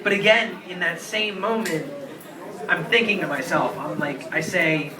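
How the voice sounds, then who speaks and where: Young man, high voice, rambling earnest storyteller, live in a noisy bar. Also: normal speed, far from the mic. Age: 20s. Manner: earnest, rambling, full of "like" fillers. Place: crowded bar. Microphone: distant handheld camera. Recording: roomy bar recording from afar, crowd chatter.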